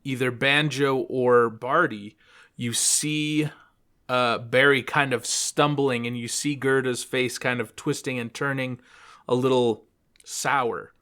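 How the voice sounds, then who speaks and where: A man narrating as game master, explaining rules calmly and in a measured way. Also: medium pitch.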